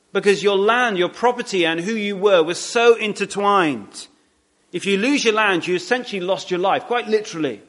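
A man preaching a sermon in a conversational way, with many restarts and asides, slowing down to stress his key points. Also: high voice, fairly bright tone.

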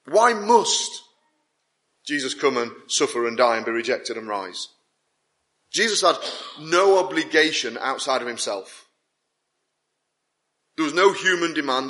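A man's mid-range, slightly bright voice preaches a sermon, pressing points home with emphatic, repeated phrases that climb in intensity.

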